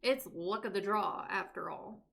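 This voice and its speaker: A woman's voice: mid-range voice, measured pace, creaky, bright, forceful tone. A young woman streaming a life-sim game, chatting casually to her characters and to her viewers. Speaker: live streamer. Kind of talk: casual gameplay commentary.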